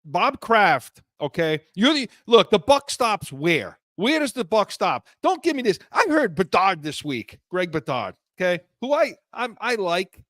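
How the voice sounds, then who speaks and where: A man's voice: high voice, very animated, a little slow, few pauses, a bit bright, no echo, studio quality. A man co-hosting sports radio, fired up, stammering through restarts and acting out quotes. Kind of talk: heated sports radio talk.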